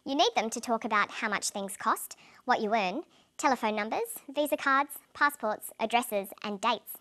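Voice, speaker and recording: A woman presenting an English lesson in clear, deliberate scripted narration, slowing down on example words. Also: fairly high pitch, pushed and bright.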